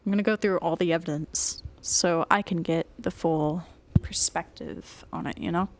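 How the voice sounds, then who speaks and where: A woman giving commentary on an online apology, blunt and openly sarcastic, cursing freely. Between jabs she slows into calm, measured reasoning. Her voice sits a little low. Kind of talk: commentary reacting to a written apology.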